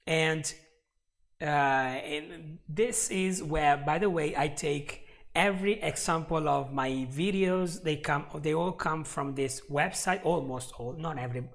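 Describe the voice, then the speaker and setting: A man teaching a live online English lesson, chatty and laughing often, repeating example phrases slowly. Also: on the high side, gravelly.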